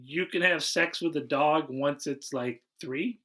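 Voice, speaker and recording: A man hosting a podcast, recapping a movie in a relaxed, wry way, often restarting his sentences. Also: on the high side, a little slow. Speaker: podcast host. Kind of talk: casual comedic movie recap.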